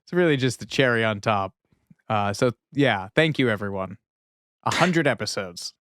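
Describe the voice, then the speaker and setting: Jokey podcast co-host man, lively voice. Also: on the low side, moderate pace. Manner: jokey, laughs often, does silly voices. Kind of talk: casual podcast chat.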